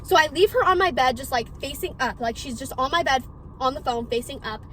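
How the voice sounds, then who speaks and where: A young woman vlogger telling a scary story in a casual, excitable way, swearing often and retelling it dramatically. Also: sits high, a little fast, slight background noise. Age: young adult.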